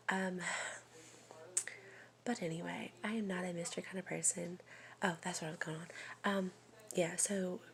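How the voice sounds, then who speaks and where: A young woman confiding in a rambling, soft, often whispered personal vlog. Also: lowish voice, vocal fry. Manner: rambling, confiding, many fillers. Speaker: vlogger.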